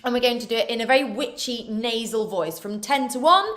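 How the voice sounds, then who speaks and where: A woman leading an online choir warm-up, giving voice exercises with playful, self-mocking asides. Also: on the high side, fairly quick. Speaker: choir vocal coach. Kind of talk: online vocal warm-up instruction.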